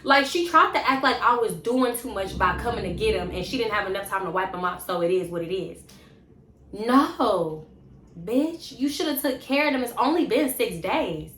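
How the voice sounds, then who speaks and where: Bright-voiced woman telling a blunt story. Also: medium pitch, normal speed, a little hiss or hum. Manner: animated, blunt and profane, acting out quotes. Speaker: storytime vlogger. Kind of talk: casual storytime. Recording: roomy echo.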